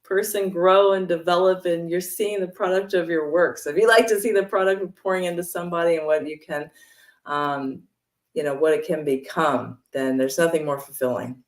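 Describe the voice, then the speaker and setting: A woman's voice: fairly low pitch, steady tone, moderate pace. A woman representing a mentorship program, talking in an upbeat, persuasive way during a livestream interview. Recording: roomy sound, far from mic.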